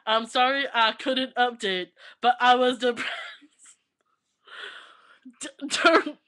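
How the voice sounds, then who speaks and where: A woman's voice: a little high, fairly even intonation, very slow, a bit bright. A young woman vlogging at her webcam, reading aloud and often breaking into giggles. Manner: giggly, keeps breaking into laughter while reading. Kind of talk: casual vlog, reading aloud.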